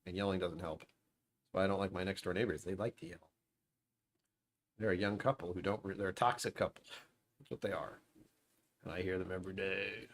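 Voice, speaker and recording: A man's voice: deep voice, steady tone, a little fast, long pauses. A man hosting a casual livestream from home, rambling and sarcastic with self-deprecating asides. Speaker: livestream host. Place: at home, dishwasher running nearby.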